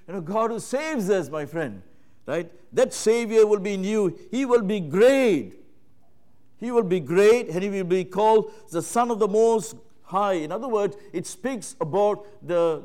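A man preaching a sermon, emphatic and repetitive, rising to loud exclamations and dropping to hushed passages, calling his listeners friends. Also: fairly high pitch. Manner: repeats phrases, addresses listeners as friends.

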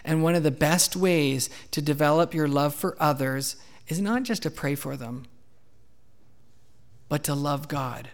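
A man in his thirties, a pastor preaching a sermon and telling a candid personal story, with bursts of loud acted shouting. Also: a little high, unhurried. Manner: candid storytelling, acts out his own outbursts loudly.

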